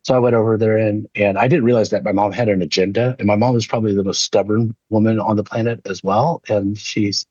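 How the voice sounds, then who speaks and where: A middle-aged man with a husky, low voice speaks with earnest, preacher-like conviction, telling stories in an inspirational talk. The recording is dull and lo-fi with a dry, close sound. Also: steady tone, brisk, few pauses, darkish tone, no echo. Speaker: leadership speaker. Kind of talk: inspirational keynote storytelling.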